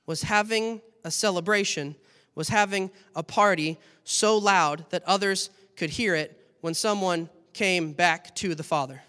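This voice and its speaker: Animated bright-voiced preacher in a hall. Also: male voice, high-pitched. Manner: animated storytelling, acting out scenes. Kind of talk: sermon. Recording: long hall reverb.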